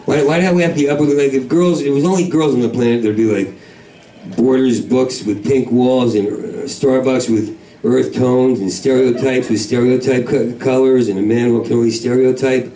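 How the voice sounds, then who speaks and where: A man doing a stand-up comedy set in a club, talking in a manic, rambling, profane way that breaks into shouted voices. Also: medium pitch, fairly even intonation, moderate pace, a little hiss or hum. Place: comedy club main room. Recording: echoey club recording from far off with crowd. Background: audience laughter.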